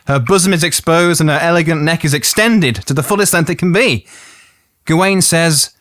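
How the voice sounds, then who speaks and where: A man with an English Midlands accent, hosting a podcast and retelling a legend in a playful way, quick to laugh at his own jokes. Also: fairly high pitch, a bit bright, no echo, studio quality. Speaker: podcast host.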